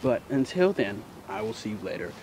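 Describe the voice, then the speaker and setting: A man closing his vlog in a casual, profane, laid-back way, his voice trailing off softly at the ends of phrases. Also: fairly low pitch, very animated, a little fast. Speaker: vlogger. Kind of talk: casual outro to viewers. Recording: noisy outdoor audio with birds and insects.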